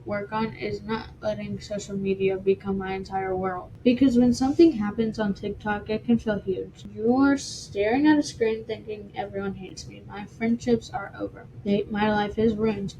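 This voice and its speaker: A woman's voice: mid-range voice, mellow, slight background noise, rough recording. A woman hosting her own podcast, talking through a personal story in a heartfelt, self-described dramatic way. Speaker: podcast host. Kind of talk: solo podcast monologue.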